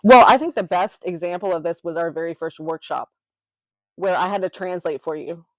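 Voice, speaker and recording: A middle-aged woman from Memphis, co-hosting a podcast in an animated, chatty way. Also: fairly low pitch, dry recording, low-quality recording. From Memphis, Tennessee. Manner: animated, talks with her hands, quick asides. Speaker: podcast co-host. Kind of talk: casual chat.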